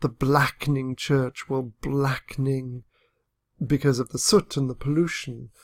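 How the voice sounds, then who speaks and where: Slow, gravelly English man lecturing. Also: medium pitch, level tone. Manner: thoughtful, measured analysis with pauses. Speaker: literature teacher. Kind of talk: recorded poetry lecture.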